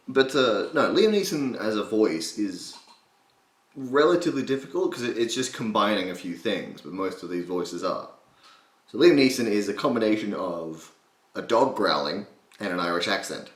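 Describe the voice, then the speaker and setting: A man hosting a voice impression tutorial, rambling and self-mocking in a casual, joking way. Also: lowish voice. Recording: roomy echo.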